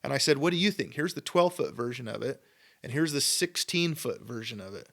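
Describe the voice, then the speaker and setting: Gravelly-voiced enthusiastic Idaho man. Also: medium pitch, expressive, brisk, a bit bright. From Idaho, USA. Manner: enthusiastic, rambling, full of "like" and quoted dialogue. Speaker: guest sculptor. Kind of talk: casual podcast storytelling. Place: podcast studio.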